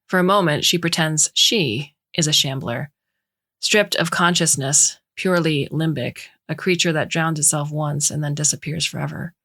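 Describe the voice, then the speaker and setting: A woman narrating a short story in a measured, even way. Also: low voice.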